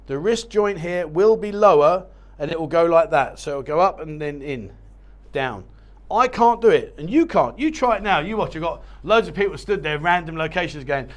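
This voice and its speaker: Chatty bloke with a higher voice. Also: male voice. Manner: chatty, cheeky, blokey banter with laughs. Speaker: vlogger giving advice. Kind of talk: casual advice to camera.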